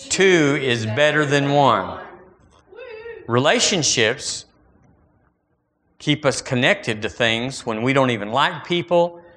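A man preaching with a bright, sharp tone. He speaks at a middling pitch and talks in a folksy, repetitive way. He climbs into animated bursts of emphasis. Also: vocal fry, slight background noise. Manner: folksy, repeats phrases. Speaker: pastor. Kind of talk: sermon.

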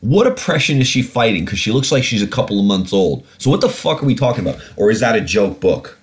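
A man's voice: on the low side, sing-song, quick pace. A man hosting a podcast, ranting animatedly and swearing freely in casual talk. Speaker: podcast host.

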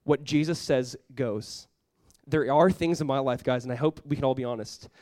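A man's voice: medium pitch, normal speed, darkish tone, dry recording. A man preaching a sermon as pastor, earnest and conversational, often acting out what people say.

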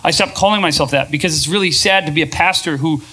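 A man hosting a podcast and speaking to a live audience in an energetic, conversational way, often asking the crowd questions. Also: a little high, fast, breathy edge. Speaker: podcast host and speaker, former pastor. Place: event venue with a live audience.

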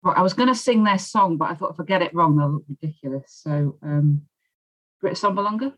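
A woman competes in a quiz over a video call. She thinks aloud and hesitates before her answers. Her voice is breathy, and the sound is dry and close. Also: lowish voice, brisk, a bit bright, dry recording, rough recording. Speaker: quiz contestant. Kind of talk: casual chat.

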